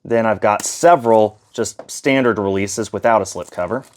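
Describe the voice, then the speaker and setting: A man's voice: on the low side, normal speed. A man giving a casual, chatty tour of his disc collection, with fillers and self-corrections as he goes. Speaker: collector showing his shelf.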